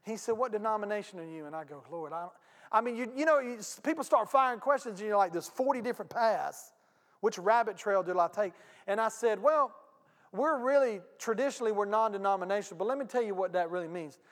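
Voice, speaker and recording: A man's voice: high voice, expressive, fast talker. A man, a pastor telling a story in a conversational, folksy sermon with asides to the congregation. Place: church sanctuary. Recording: long hall reverb.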